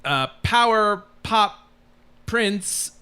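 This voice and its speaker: A man's voice: high-pitched, expressive, extremely slow, bright, forceful tone, smooth. A man from Saskatchewan, an actor and podcast guest, joking in casual banter. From Saskatchewan, Canada.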